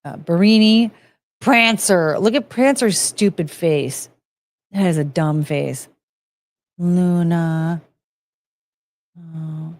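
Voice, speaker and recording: A woman's voice: on the low side, slow, pauses often, no room sound. A young woman streaming casually, gushing and cooing over pictures of dogs. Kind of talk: casual live-stream chat.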